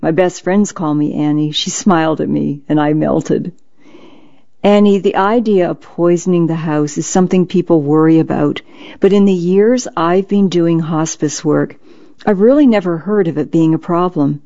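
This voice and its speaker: A narrator reading a memoir in a gentle, measured, reassuring way. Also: medium pitch, gravelly, lo-fi sound. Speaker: audiobook narrator.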